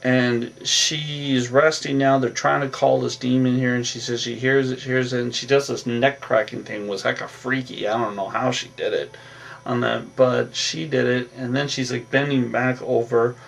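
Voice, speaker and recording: A man's voice: medium pitch, flat delivery, normal speed, vocal fry, recorded from a distance. A man casually recapping a movie plot in a rambling way, with lots of fillers and restarts. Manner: rambling, filler-heavy retelling with repeated "on that". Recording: voice from away from the mic with faint music.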